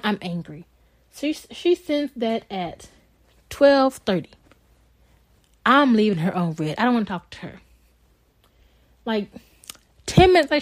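A woman's voice: fairly high pitch, no echo. A young woman, bluntly and heatedly telling a story on a casual podcast, swearing freely. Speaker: podcast co-host.

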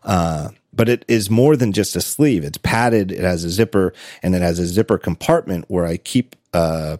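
A middle-aged man talking in a casual podcast chat, animated and laughing often, with halting restarts. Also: deep voice, dry recording, studio quality. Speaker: podcast guest.

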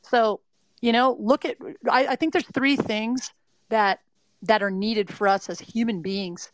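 A woman's voice: on the high side, fairly even intonation, measured pace, no echo, low-quality recording. Middle-aged woman giving earnest pep-talk advice to athletes, lots of you-knows, dry close sound. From California. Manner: earnest, emphatic, coaching tone with many "you know" fillers. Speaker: mindset and performance adviser. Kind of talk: interview guest, motivational talk.

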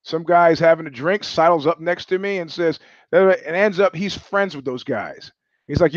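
A man with a fairly high voice talks through a podcast monologue and tells stories in a blunt, profane way. The sound is dull and dry. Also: normal speed, dry recording. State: sweating. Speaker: podcast host. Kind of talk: casual monologue.

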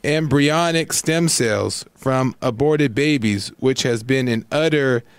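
A man's voice: medium pitch, slow pace, clear, resonant tone, dry recording. A man in a radio studio, easygoing and sheepish, reading aloud between chuckles. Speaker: studio guest on a radio show.

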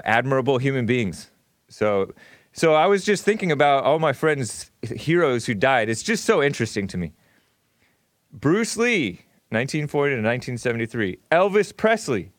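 A man's voice: mid-range voice, fairly bright tone, no room sound. Rambling man hosting a dry-miked stream. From California. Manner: rambling, laughs often, many fillers and restarts. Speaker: host. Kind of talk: casual livestream monologue.

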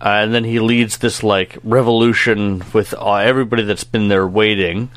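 A man's voice: lowish voice, steady tone, moderate pace, fairly bright tone, dry recording. Joking man reviewing a cartoon. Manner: joking, rambling, laughs often. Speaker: podcast co-host. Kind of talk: casual review chat.

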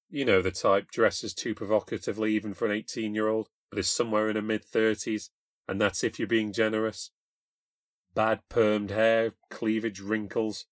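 A man's voice: sits low, dry recording. A man narrating a first-person ghost story in a blunt, sardonic, self-deprecating way. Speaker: storyteller and podcast host.

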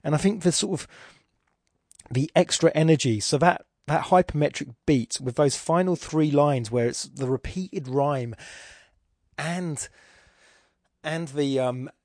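A man's voice: on the high side, a little slow, long pauses, a little mellow, dry recording, clean studio sound. A man with an Irish accent hosting a podcast, talking through a poem's form casually and thinking aloud with frequent restarts. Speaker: podcast host. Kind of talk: casual spoken poetry analysis.

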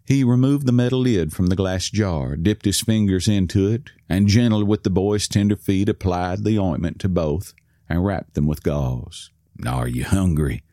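A man narrating a story in a calm, measured reading. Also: sits low, no room sound, studio quality. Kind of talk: scripted narration.

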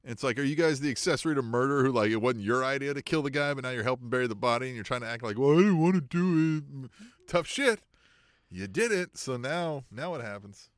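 A man's voice: quick pace, no echo, clean studio sound. A man co-hosting a podcast in casual chat, joking and teasing his partner. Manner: joking, teasing, with laughs and lively pitch swings. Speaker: podcast co-host.

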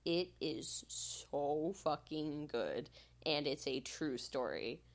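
A woman co-hosting a podcast, telling stories in casual chat with a lot of "like" and loud bursts of laughter. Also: deep voice, slow. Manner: animated storyteller, heavy use of "like", bursts of loud laughter. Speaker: podcast co-host. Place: podcast studio.

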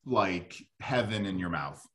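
A man's voice: sits low, expressive, measured pace, a bit bright. A man co-hosting a local radio food show, chatting casually and rambling with lots of fillers.

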